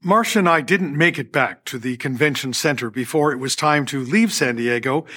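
A man's voice: medium pitch, normal speed, pushed and bright. An older man hosting a podcast, narrating a personal story from a script and acting out quoted dialogue with little laughs. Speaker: podcast host and orchestra conductor.

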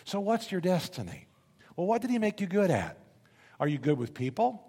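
Pasteur, homme à la voix assez haute, sermon énergique, longue réverbération de grande salle. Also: male voice, sits high, moderate pace. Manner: energetic storytelling preacher, rising to emphatic bursts. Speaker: pastor. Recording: long reverb of a large hall.

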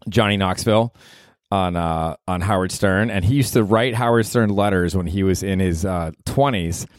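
A man's voice: sits low, moderate pace, no room sound, studio quality. A man hosting his comedy podcast, rambling, swearing and poking fun at himself. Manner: profane, rambling, self-mocking. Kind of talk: casual comedy monologue.

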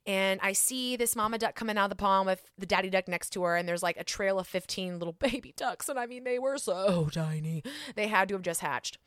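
A young adult woman hosting a podcast, telling a story in a casual, self-mocking, animated way. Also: medium pitch, brisk, dry recording, clean studio sound. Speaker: podcast host. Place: Atlanta.

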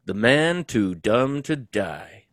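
Man doing loud mocking soldier buddy, drawn out, swooping pitch, dry sound. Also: sing-song, slow pace, no echo. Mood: teasing.

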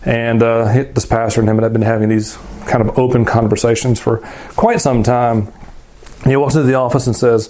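Pastor, male, mid-pitched, teaching a class, fielding questions with candid, rambling stories. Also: steady tone, moderate pace, darkish tone. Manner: candid, rambling, self-deprecating storytelling. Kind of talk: answering audience questions.

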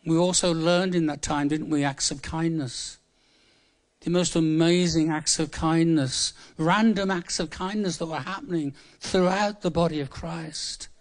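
A man's voice: on the high side, steady tone, a little slow. A seventy-five-year-old man from England giving a humorous, conversational sermon in church, repeating words for emphasis. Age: 70s. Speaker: preacher.

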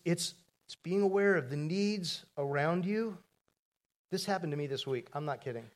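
A man preaching a sermon as pastor, telling stories in a conversational way with asides to the congregation. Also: a little high.

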